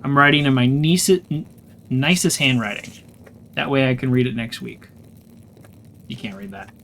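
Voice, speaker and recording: With game music playing, this let's play commentator reads in-game text aloud and reasons through things, frequently sounding puzzled. The voice is medium-pitched and fairly bright, at a moderate pace, with a little hiss or hum in the recording.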